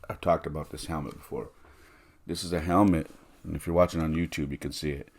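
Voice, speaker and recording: Here a middle-aged man hosting a podcast relates a personal anecdote, talking fast in an extremely low voice that stays steady and a little mellow. It's casual chat packed with fillers, and he mimics the voices of those he quotes.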